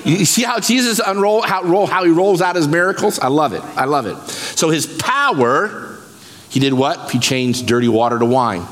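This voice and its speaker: Animated man preaching in a hall. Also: a little high, moderate pace. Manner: animated preaching, breaks scripture down word by word. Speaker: pastor. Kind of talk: sermon. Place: church sanctuary. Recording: long reverb of a church hall.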